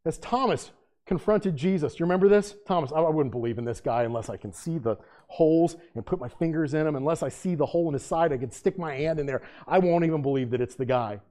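A man preaching a sermon in a conversational way, reading scripture aloud with loud emphasis. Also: a little high, fast. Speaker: pastor.

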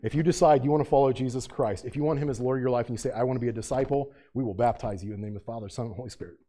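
A man's voice: medium pitch, very fast, dark tone. A man preaching a sermon as pastor, asking his congregation rhetorical questions and rising to fervent emphasis.

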